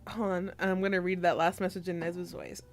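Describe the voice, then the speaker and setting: A young woman streamer chatting casually with her viewers, teasing and giggling as she reads the chat aloud. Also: on the low side.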